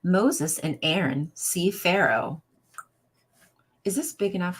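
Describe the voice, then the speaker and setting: A woman's voice: lowish voice, slow, husky. A woman hosting a live stream, reading a children's Bible storybook aloud and breaking off into sassy, profane asides to her chat. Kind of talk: casual reading with rant commentary to live chat.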